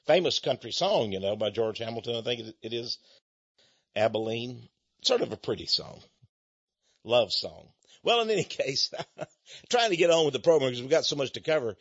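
An older man talks on his radio show, his voice rising and falling widely as he rambles folksily. His tone is a little husky, and the old recording sounds dull and lo-fi. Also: medium pitch, sing-song, moderate pace, long pauses, a bit bright. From Texas. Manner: folksy, rambling, building to angry emphasis. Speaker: radio host. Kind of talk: radio talk monologue.

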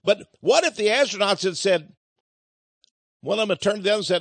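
A man hosting a radio program, ranting sarcastically and swinging between loud outbursts and low mutters. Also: lively intonation, fairly quick, pauses often, dry recording.

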